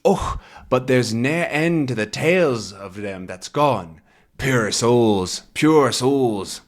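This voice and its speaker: A man's voice: mid-range voice, very animated, slow pace. A man voicing an old villager with a Scottish accent who tells ominous tales.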